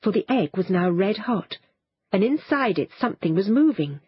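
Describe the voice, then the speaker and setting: A woman reads a children's tale with a lively, swooping delivery, her pitch rising and falling freely. Her voice is a little breathy, and the recording is dry and slightly dull. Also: normal speed, no room sound. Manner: lively, expressive reading. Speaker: audiobook narrator. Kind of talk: scripted storybook narration. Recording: dull, muffled dry studio sound.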